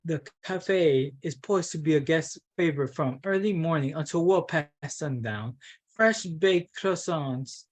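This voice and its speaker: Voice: medium pitch, normal speed, hardly any pauses, a little mellow. A workshop participant reads a travel brochure aloud, stumbling now and then and breaking off for self-mocking asides.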